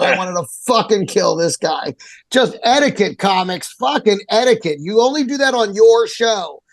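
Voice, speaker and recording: A man's voice: sits high, lively intonation, normal speed. A man who is a stand-up comedian, telling heated, profane stories in casual podcast chat and acting out the people he quotes.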